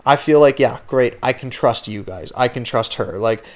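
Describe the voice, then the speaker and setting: A young man hosting a podcast, telling a story in a casual, animated way with frequent swearing and lots of "like" fillers. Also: mid-range voice, normal speed. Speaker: podcast host.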